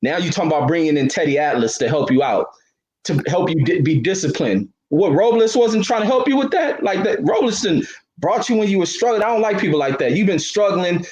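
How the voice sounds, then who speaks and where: Brief: slightly high-voiced man, blunt, opinionated, casual street slang. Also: expressive, fairly quick, darkish tone, rough recording. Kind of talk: casual boxing chat.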